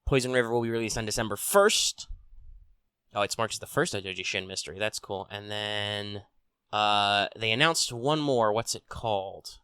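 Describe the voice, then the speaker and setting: Male host, casual rambling news chat into a desk mic; low-ish, bright, dry close sound. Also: normal speed, clear, resonant tone, no echo. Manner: rambling, frequent ums and restarts, swears casually. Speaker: tabletop RPG news host. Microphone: desk mic on arm.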